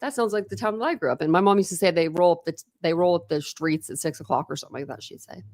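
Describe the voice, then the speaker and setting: A woman's voice: lowish voice, quick pace, darkish tone, no echo. A woman reading a book aloud at home on a live stream, stopping often to chat, laugh and stumble over hard words. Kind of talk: casual live book read-through with commentary. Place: home room during a thunderstorm.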